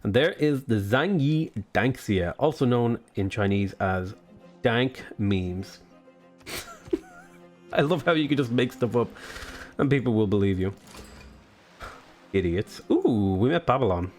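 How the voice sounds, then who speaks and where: A man's voice: mid-range voice, expressive, slow, pauses often. A man hosting a casual let's play, rambling and joking with lots of fillers, with faint game music behind. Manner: playful, jokey, rambling with many fillers. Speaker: gaming video host.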